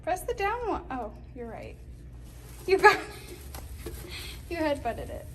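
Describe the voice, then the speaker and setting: A young woman vlogging her day on a phone camera, chatty and giggly, sometimes squeaking out quotes. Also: wildly swooping pitch, slow pace. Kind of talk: casual day-in-the-life vlog chat. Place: home and out on errands. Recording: noisy handheld phone recording.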